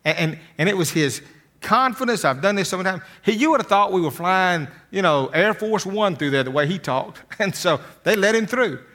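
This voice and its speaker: A man's voice: high voice, expressive, moderate pace, fairly bright tone. An older man giving a motivational talk, telling folksy stories and often repeating words as he starts a sentence. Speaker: motivational speaker.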